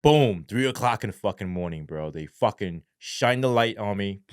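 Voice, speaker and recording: Man, podcast guest, lowish voice, dry close sound, profane slangy storytelling, rambling. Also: moderate pace, smooth, no room sound. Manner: animated, acts out quoted voices. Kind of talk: casual storytelling in a podcast interview.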